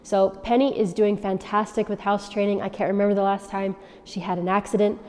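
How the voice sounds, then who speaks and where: A woman dog trainer giving instructions to dog owners, often checking in with a quick "okay?". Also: medium pitch, little pitch movement, darkish tone. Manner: coaching, checks in with frequent "okay?". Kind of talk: instructional demonstration. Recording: long reverb.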